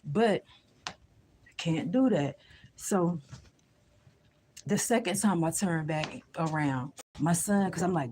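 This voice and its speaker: A woman telling a heated personal story to her viewers, profane and animated, speaking straight to the audience. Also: on the low side, slow, long pauses, a little hiss or hum. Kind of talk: casual storytelling rant.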